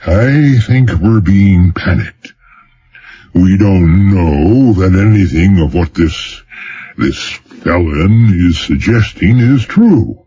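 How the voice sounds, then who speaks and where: A man reading an audiobook, voicing a pompous, outraged governor who speaks weightily with emphatic pauses. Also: low-pitched, lively intonation, warm tone, husky, dull audio, pitched above the performer's own voice, heavily acted. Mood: blustering.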